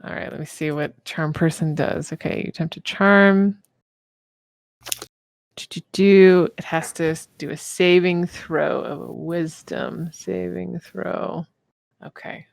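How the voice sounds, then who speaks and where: A woman runs a tabletop game in a casual, halting way, thinking aloud as she narrates. Her voice sits fairly low, and the recording is dry and close with no room sound. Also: fairly even intonation, gravelly, no echo. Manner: casual, filler-heavy, hesitant narration. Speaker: game master.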